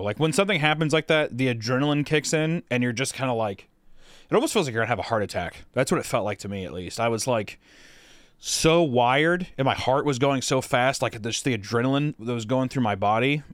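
Young male podcast co-host, mid-pitched, loose rambling storyteller who swears a lot, dry close mic. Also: lively intonation, a little fast, fairly bright tone, no room sound. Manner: rambling, heavy swearing, lots of fillers. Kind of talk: casual storytelling.

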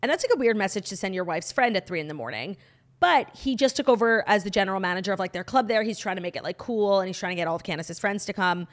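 A woman's voice: medium pitch, animated. Brief: woman podcast co-host, chatty gossip recaps, loose and profane. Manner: gossipy, quick, swears freely. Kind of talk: casual chat.

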